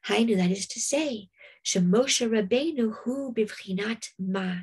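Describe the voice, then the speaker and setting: A woman leads a reflective Torah lesson at an unhurried pace. Her voice is slightly husky, and she often pauses and checks in with her listeners. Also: medium pitch, a little mellow. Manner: reflective, with many fillers and repeated "right?". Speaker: Torah teacher. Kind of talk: spiritual Torah class.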